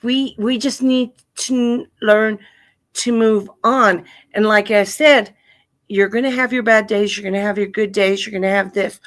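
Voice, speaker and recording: A woman's voice: medium pitch, steady tone, a little slow. A woman hosting a live stream, earnestly consoling a grieving caller and calling her honey and sweetheart. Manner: tender, earnest, calls people honey and sweetheart. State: widowed, grieving. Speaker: livestream host.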